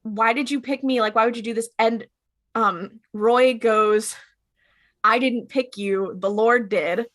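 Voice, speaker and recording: Bright-voiced woman podcast co-host. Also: a little high, measured pace. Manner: animated, acts out characters' lines while retelling. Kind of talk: casual recap chat.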